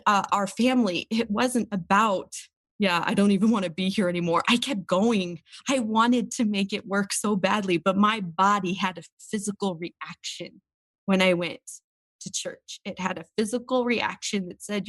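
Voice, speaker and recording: A woman's voice: medium pitch, no room sound. Woman, thirties, earnest and open, interview guest, dry close sound. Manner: earnest and open, tearful at times. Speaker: podcast guest. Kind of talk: candid interview talk.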